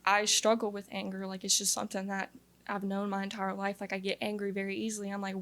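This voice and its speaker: A young woman from Louisiana shares her testimony in an interview, speaking candidly and earnestly. Her voice has a steady gravelly fry, and it stays flat and even in pitch. She fills her story with frequent "like"s as she talks it through. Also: fast talker. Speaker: guest sharing testimony.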